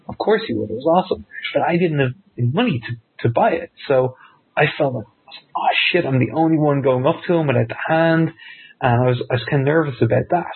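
A man telling a long personal story as a podcast guest, rambling and excitable with lots of fillers. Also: medium pitch, breathy edge. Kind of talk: casual storytelling. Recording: tinny phone-like line.

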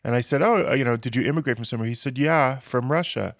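A male podcast host talking in a loose, chatty way, often restarting his sentences. His voice is mid-pitched and sits close to the mic in a dry, dead room. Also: very fast, dry recording. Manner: chatty, storytelling, many restarts. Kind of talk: casual podcast conversation.

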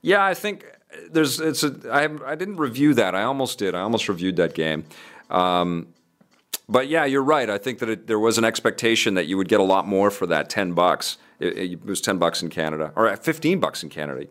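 A man's voice: lowish voice, animated, moderate pace, a bit bright. A man hosting a gaming news show from a studio, chatting casually and reading viewer comments with lots of fillers and restarts.

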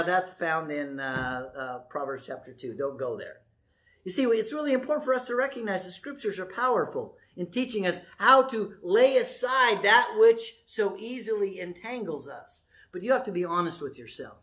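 A male pastor preaching a sermon in a lively, conversational way, often asking the congregation questions. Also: a little high. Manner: animated, conversational, asks the audience questions.

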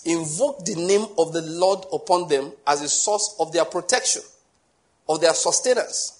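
A middle-aged man preaching with a slightly raised voice. He is animated, fires rhetorical questions at the congregation and acts out little scenes as he goes. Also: on the high side, normal speed. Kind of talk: sermon.

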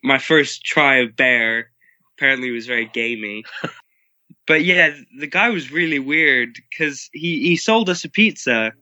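A young man, the son, recounting a camping trip in a relaxed, wry, casual way. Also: medium pitch, unhurried, no room sound, lo-fi sound. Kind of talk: casual storytelling.

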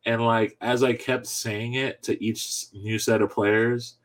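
A man telling a story in casual chat, animated and laughing often as he goes. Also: mid-range voice, measured pace.

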